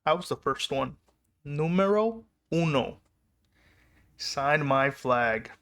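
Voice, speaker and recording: Fairly high-pitched and bright, his voice has lively intonation, though he takes his time. In a chatty vlog style, the man rambles through a personal story, repeatedly cutting himself off and restarting what he was saying.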